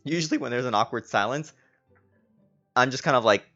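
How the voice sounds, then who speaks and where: Brief: chatty, giggly male streamer, self-deprecating, mid pitch, dull lo-fi mic with faint music behind. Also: a little slow, pauses often, sharp tone. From California. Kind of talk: game playthrough, reading aloud.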